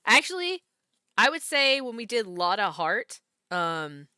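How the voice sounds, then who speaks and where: A woman's voice: medium pitch, very animated, unhurried, bright, forceful tone, smooth, no room sound. A woman with a Southern US accent, chatting casually with laughing asides while streaming a game.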